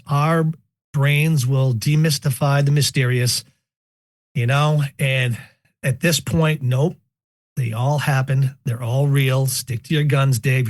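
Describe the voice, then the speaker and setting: A man casually telling personal paranormal stories, animated and joking, often repeating words as he goes. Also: mid-range voice, dry recording, clean studio sound. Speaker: podcast guest telling paranormal experiences. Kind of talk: casual storytelling.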